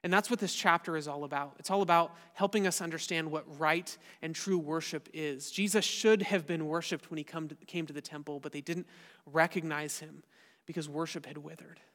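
A pastor preaching a sermon to his church, earnest and often dropping softly at the end of a point. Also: a little high, steady tone, a little fast, long reverb tail. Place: church sanctuary.

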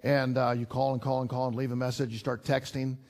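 A man's voice: mid-range voice, flat delivery, brisk, a little mellow. An older man preaching a sermon in an earnest, conversational way. He repeats himself often and builds to emphatic rises. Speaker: pastor.

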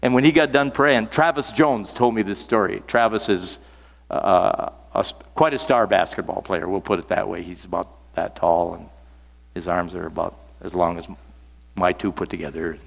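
An older male preacher delivers a sermon with a somewhat low voice, mixing folksy storytelling asides with earnest repetition of key phrases. His words ring out with a long reverb, as though filling a church sanctuary. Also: steady tone, normal speed, creaky. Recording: reverberant hall sound.

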